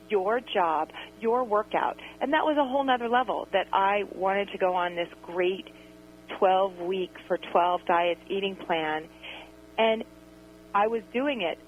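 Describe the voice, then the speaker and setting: A woman's voice: medium pitch, slight background noise. Impassioned woman radio host. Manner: impassioned, rushes and repeats phrases. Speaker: radio talk show host. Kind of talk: radio call-in show. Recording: slightly dull radio broadcast.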